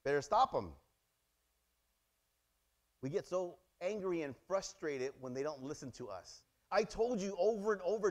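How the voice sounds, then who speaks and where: A male pastor preaching a sermon, acting out little dialogues and swinging between loud exclamations and quiet asides. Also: sits high, unhurried, pauses often. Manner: animated, acts out dialogues in many voices. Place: church.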